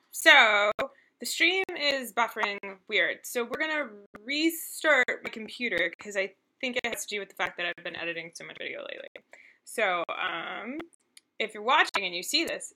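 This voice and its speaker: A woman's voice: on the high side, pushed and bright, a little hiss or hum, rough recording. A woman hosting a casual live stream from home, chatting and laughing while fixing technical problems. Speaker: streamer host.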